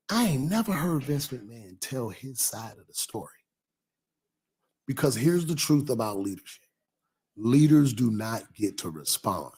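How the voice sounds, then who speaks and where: A man, a pastor, chatting casually on a livestream, reading viewers' comments aloud and answering them, lively at times and dropping to near whispers. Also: medium pitch, slightly rough.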